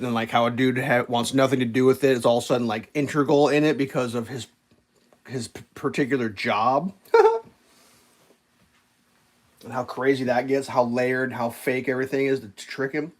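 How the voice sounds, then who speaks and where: Rambling, profane man chatting casually. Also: mid-range voice. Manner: rambling and profane, with frequent fillers and laughs. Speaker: live streamer.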